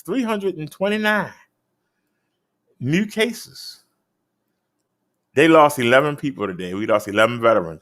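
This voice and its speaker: A man hosting a casual show, reading out daily figures and chatting. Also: a bit bright. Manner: emphatic, swoops up high on key numbers. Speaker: host.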